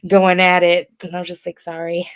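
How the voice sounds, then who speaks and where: Lowish-voiced woman rambling on a podcast, lots of ums, giggly. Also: completely flat delivery, a little fast, clear, resonant tone. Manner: giggly, rambling with many fillers. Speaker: podcast co-host. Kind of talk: casual chat.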